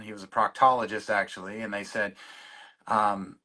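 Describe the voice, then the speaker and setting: A man, a guest in recovery, telling his story in a halting way with many restarts, choked up and openly emotional. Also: lowish voice, pushed and bright. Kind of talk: personal storytelling in conversation.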